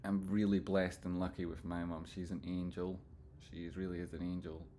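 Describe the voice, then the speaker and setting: A Scottish man hosting a casual livestream, reading chat aloud, swearing freely and swinging between loud jokey outbursts and soft sincere asides. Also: sits low, level tone, a little fast, a little hiss or hum. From Scotland.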